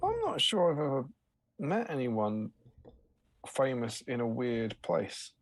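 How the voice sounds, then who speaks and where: A man's voice: mid-range voice, sing-song, slow pace, dry recording. A man co-hosting a casual livestream chat, telling anecdotes and laughing often. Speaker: co-host.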